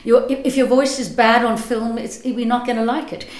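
Articulate actress in an echoey room. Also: female voice, a little high, fairly even intonation, normal speed. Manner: thoughtful, articulate, repeats words while searching. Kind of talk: interview answers.

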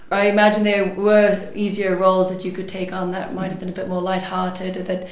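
A woman interviewer poses her questions gently and encourages her guest with short affirmations. Her voice sits at a middle pitch. The room is audibly echoey. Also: completely flat delivery, brisk.

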